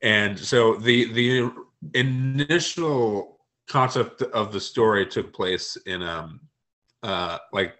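Casting note: male author guest, lowish pitch, bright edge, hesitant and low-key. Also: takes it slowly. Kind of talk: casual interview chat.

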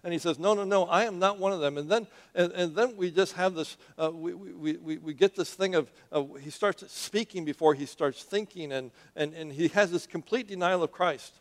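A man preaching a sermon in a church, telling the story in an animated, conversational way and asking his audience questions. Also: fairly high pitch, normal speed, few pauses.

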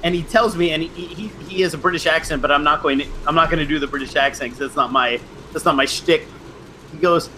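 Bright-voiced man telling rambling stories. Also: a little high, fairly even intonation, fast talker, a little hiss or hum, low-quality recording. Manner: rambling, with frequent restarts and laughs. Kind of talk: casual storytelling chat.

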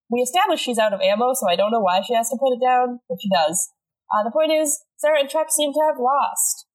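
A woman's voice: a little high, poor audio. A woman co-hosting a podcast, recapping an episode in casual chat with a sick, stuffy voice, rambling with many filler words. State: sick, congested voice. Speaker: podcast co-host.

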